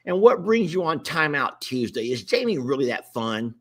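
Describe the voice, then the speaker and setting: A man's voice: on the high side, very animated, normal speed, a bit bright. A man casually hosting a livestream, chatting and pleading with viewers to join. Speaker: livestream host.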